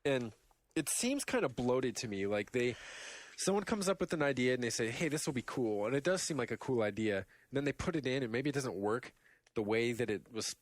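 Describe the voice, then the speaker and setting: A man in casual podcast chat who tells his gaming stories with plenty of laughter. He bursts into loud imitations of game taunts and then drops back to easy talk. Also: mid-range voice, animated, fairly quick, dry recording. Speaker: podcast host.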